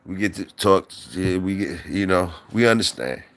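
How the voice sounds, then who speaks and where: A man's voice: sits low, normal speed, fairly bright tone. A man hosting a live stream in loose, profane, repetitive banter with his chat, talking on a mic from his workplace.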